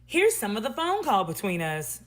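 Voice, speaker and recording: A woman's voice: medium pitch, wildly swooping pitch, moderate pace, a bit bright. A woman vlogger telling a storytime monologue to her viewers, emphatic and sassy, with pointed asides.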